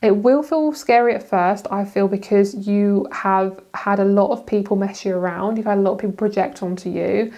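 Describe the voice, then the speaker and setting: A woman's voice: mid-range voice, moderate pace, few pauses, warm tone. Chatty, swearing young woman tarot reader. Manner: chatty, swears often, laughs at herself. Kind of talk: casual pick-a-card tarot reading.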